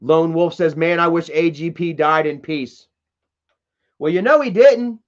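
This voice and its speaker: A man with a high voice rants on a livestream from home, heated and profane as he reads out chat messages. The sound is dull and lo-fi, like typical stream audio. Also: a little slow. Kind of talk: casual livestream rant.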